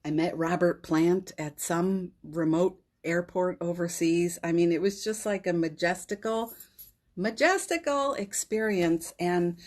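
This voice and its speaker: Emotionale Frau mittleren Alters, eher tief. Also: female voice, lowish voice. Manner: emotional, often tearful, laughs softly between phrases. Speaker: host of a daily live spiritual session. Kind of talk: heartfelt spiritual storytelling. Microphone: phone livestream.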